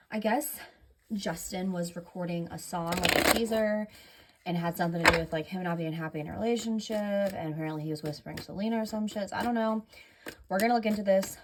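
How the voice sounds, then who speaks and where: A woman gives a casual tarot reading, rambling, using lots of filler and correcting herself often, with her heavy breathing clearly audible. Her voice is on the low side, and there's slight background noise.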